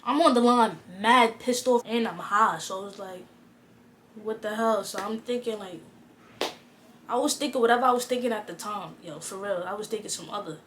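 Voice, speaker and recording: A woman's voice: mid-range voice, moderate pace, heavy background noise. A young adult woman vlogger telling a casual storytime in slang, acting out both sides of each conversation.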